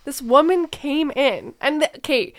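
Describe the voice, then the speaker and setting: A woman's voice: sits high, unhurried. A woman co-hosting a comedy podcast, recounting events indignantly with casual swearing. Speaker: podcast co-host.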